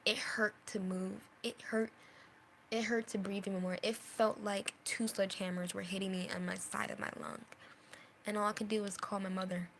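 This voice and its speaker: A woman's voice: mid-range voice, flat delivery, normal speed, fairly bright tone, a little hiss or hum. A young woman telling a storytime vlog in an earnest way, repeating phrases and dropping into whispers at painful moments. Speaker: vlogger.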